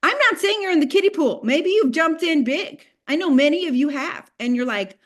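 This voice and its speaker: A woman leading a network marketing team call, energetic and pep-talking, dropping to a hush and then swinging loud as she acts out what people said. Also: high-pitched, brisk.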